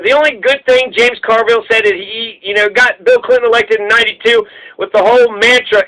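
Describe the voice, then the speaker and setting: A man's voice: sits high, fast talker, sharp tone, poor audio. A man ranting in profane, sarcastic political commentary as host of his own show.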